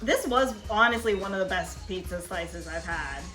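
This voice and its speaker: A woman's voice: mid-range voice, moderate pace, loud music behind the voice. A young woman who hosts a food show, chatting casually about her old videos and laughing often. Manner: chatty, laughing, lots of "like" fillers. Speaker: food video producer and host.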